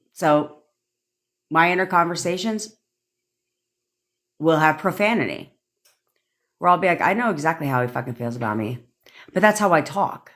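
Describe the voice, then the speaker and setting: A woman manifestation coach talking casually on a phone livestream, chatty and cursing often as she answers viewers. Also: sits low. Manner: chatty, frequent profanity, addresses viewers by name.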